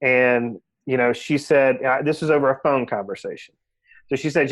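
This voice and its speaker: A man's voice: medium pitch, moderate pace, a bit bright. A man who works as a real estate agent, a podcast guest telling his own story candidly and reflectively, leaning on "you know" fillers. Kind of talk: casual interview storytelling.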